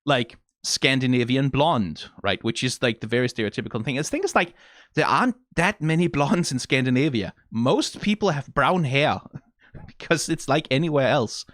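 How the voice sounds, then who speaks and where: Musing Danish man with lively pitch. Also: normal speed, no echo, clean studio sound. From Denmark. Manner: musing, rambling, many restarts and laughs. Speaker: video reaction host. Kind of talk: casual reaction commentary.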